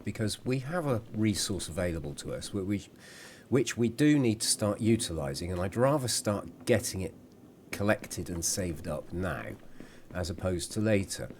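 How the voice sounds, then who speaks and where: A man's voice: sits low, very animated, moderate pace, a little mellow, slight background noise. A man giving chatty, casual commentary over his own gameplay, at times apologising and humming to himself.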